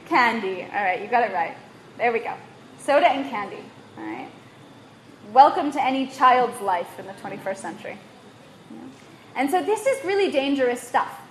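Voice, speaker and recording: Woman presenter, slight foreign accent, high voice, engaging lecture style, echoey room recording. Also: normal speed, pauses often. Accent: non-native accent. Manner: animated, quizzes the audience, frequent "right?". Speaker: workshop presenter. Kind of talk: lively lecture to a live audience. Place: room in Bali. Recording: echoey room, faint room noise.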